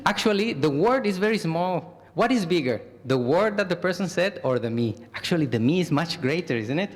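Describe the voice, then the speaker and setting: A man's voice: on the high side, animated, a little fast, hardly any pauses. A man, a Buddhist monk, giving a Dhamma talk to a live audience. He addresses them as "my dear family", asks them questions and acts out example phrases. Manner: warm address, repeatedly says "my dear family". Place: large temple hall. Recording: long hall reverb.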